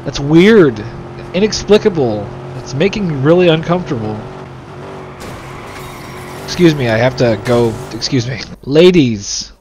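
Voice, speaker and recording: A man's voice: mid-range voice, expressive, moderate pace, pauses often, noisy background. A young man hosting casual gameplay commentary, sarcastic and full of swearing and jokes into a desk microphone. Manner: profane, sarcastic, joking. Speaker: let's play host.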